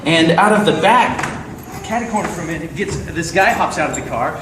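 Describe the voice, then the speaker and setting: A man telling a story on a stream in a lively way, laughing and acting out what people said. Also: a little high, brisk. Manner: animated, laughing, acting out quotes. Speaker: guest. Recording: roomy, distant mic, faint noise.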